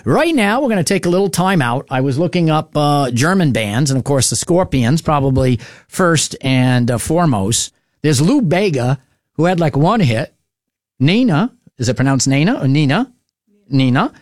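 A man hosting a morning radio talk show, relaxed and chatty as he introduces segments and asks his guests questions. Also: a little high, moderate pace, no room sound, studio quality.

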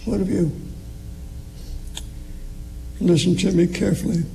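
A man preaching a sermon slowly and emphatically, pressing his listeners with rising appeals. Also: high voice, flat delivery, creaky, mellow, slight background noise, poor audio.

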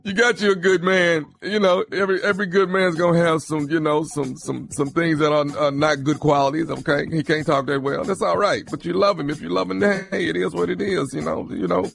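A man's voice: fairly high pitch, steady tone, fairly quick, gravelly, few pauses, a bit bright. A man co-hosting, giving loose, joking relationship advice in casual chat. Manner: joking, laughs easily, loose talk.

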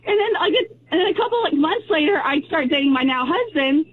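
A woman caller in her forties tells her story in a chatty, laughing way. Her voice sits very high. It comes through a thin, phone-like line. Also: lively intonation, brisk.

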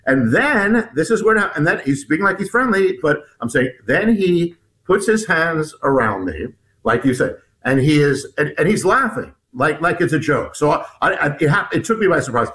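A man, an author appearing as a guest, recounting a personal story in an interview, halting with frequent restarts and repeated words. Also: fairly high pitch, big pitch swings, fairly bright tone, low-quality recording.

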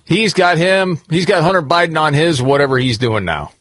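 A man hosting a talk show, leading the table in a relaxed, conversational way. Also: on the high side, normal speed, dry recording, clean studio sound. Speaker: host. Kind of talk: casual talk show chat.

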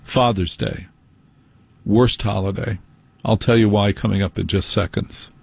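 Husky, grumbling radio host man. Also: on the low side, fairly even intonation, unhurried, no room sound. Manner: wry, grumbling storytelling with mock indignation. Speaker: radio talk show host. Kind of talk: casual comedic monologue.

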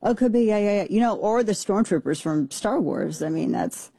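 A man's voice: sits high, animated, normal speed, gravelly, mellow, breathy edge, no room sound. A man hosting a talk radio show, reacting to a video with incredulous jokes and rambling restarts. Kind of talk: casual talk radio commentary.

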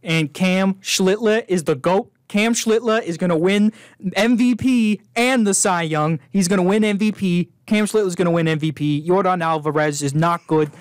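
A man's voice: high-pitched, moderate pace, smooth, dry recording, clean studio sound. A young man co-hosting a sports talk show, joking with hyperbolic, repeated hot takes. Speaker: radio show co-host. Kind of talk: casual sports chat.

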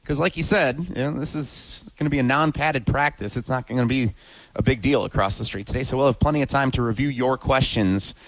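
A man co-hosting a sports talk radio show, asking rhetorical questions with an emphatic, energetic delivery. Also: mid-range voice, brisk, no room sound.

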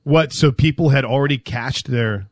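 A man hosting a sports talk show, animated and joking as he chats with his co-host. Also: medium pitch, moderate pace, no room sound, clean studio sound.

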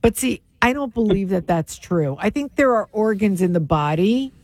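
A woman's voice: medium pitch, animated, moderate pace, darkish tone, no echo. Bantering woman on a comedy podcast, voice bouncing up and down, very dry mic. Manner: jokey, puts on silly voices. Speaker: co-host. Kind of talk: casual comedic chat.

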